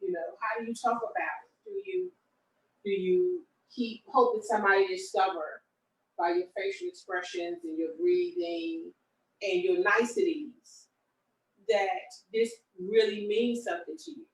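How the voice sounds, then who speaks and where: A woman's voice: medium pitch, very animated. Reflective woman, roomy distant sound. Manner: reflective, halting with repeated words. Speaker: co-host. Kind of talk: relationship discussion. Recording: roomy echo from a distant mic.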